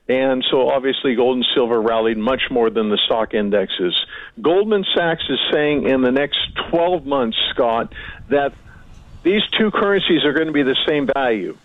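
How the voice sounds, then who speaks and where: A man's voice: a little high, dry recording. A man giving rambling market commentary as a regular guest, with many fillers and restarts. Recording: tinny phone line.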